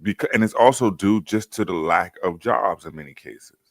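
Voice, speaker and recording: A man from Brooklyn with a New York accent, telling animated stories and swearing freely in a casual podcast chat. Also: low voice, moderate pace, gravelly, no room sound, studio quality.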